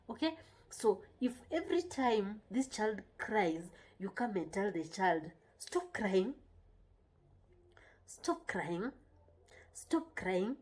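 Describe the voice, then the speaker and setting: A woman's voice: mid-range voice, darkish tone, husky. A woman talking casually and earnestly about parenting, often repeating herself and checking in with the listener. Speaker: parenting vlogger. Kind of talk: casual advice talk.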